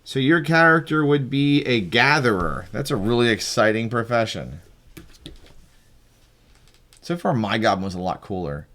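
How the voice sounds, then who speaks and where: Regular guy running a tabletop game, mid pitch, teasing and breezy, lots of restarts. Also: animated, normal speed, long pauses, fairly bright tone. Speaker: game master. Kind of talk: casual tabletop game explanation.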